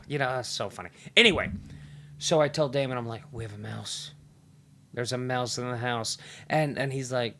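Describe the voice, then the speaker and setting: A man's voice: medium pitch, fairly quick, a little hiss or hum. A man chatting casually on a podcast with friends, telling a story and acting out the voices in it. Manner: animated storyteller who acts out voices in quotes. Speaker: podcast co-host. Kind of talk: casual chat among friends.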